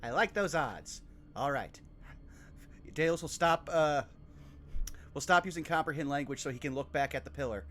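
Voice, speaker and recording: A man's voice: on the high side, lively intonation, moderate pace, pauses often, a bit bright, a little hiss or hum. A man in his thirties playing a tabletop game, casual and joking, with many fillers. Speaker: player.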